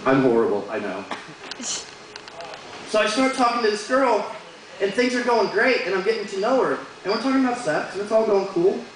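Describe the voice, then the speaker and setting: A young man with a fairly high voice works through a crude stand-up set, landing his punchlines deadpan. He is picked up from a distance in an echoey bar room, with audible crowd noise and laughter behind him. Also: a little fast. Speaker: stand-up comedian. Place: bar stage with live audience.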